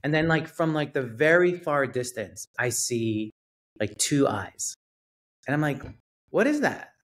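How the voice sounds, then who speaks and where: A man guest on a podcast, telling a story in a casual, animated way, swearing and acting out what people said. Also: medium pitch, a little slow. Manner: animated storyteller, acts out quotes, swears, laughs. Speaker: realtor guest.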